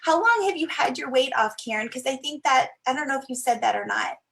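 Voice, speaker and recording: A woman's voice: high-pitched, animated, a little fast, vocal fry, fairly bright tone. A woman hosting a coaching chat, gushing and effusive, who is easily moved.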